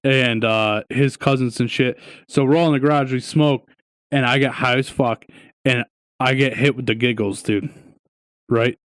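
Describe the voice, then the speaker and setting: A young adult man co-hosting a podcast, telling stories in a casual, profane, animated way, full of "dude" and "right?". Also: mid-range voice, moderate pace, no room sound. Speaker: podcast co-host. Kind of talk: casual storytelling chat.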